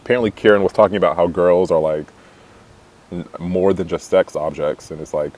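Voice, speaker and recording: A man's voice: low voice, fairly even intonation, brisk, a little mellow. A young man recapping a reality show in a chatty, catty way, full of "like" fillers and laughter. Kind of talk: casual gossipy recap.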